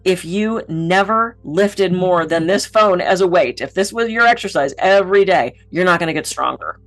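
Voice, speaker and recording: A woman's voice: lowish voice, lively intonation, moderate pace, faint music behind. A woman giving a motivational talk to camera as a mind-body speaker, frank and encouraging, swearing casually now and then.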